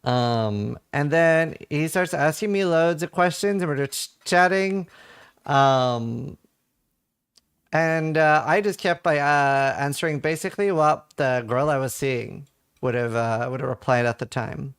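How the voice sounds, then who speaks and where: A man's voice: on the high side, unhurried, clean tone. A Norwegian man, a streamer, rambling through a casual anecdote with lots of filler words while gaming at a desk mic. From Norway.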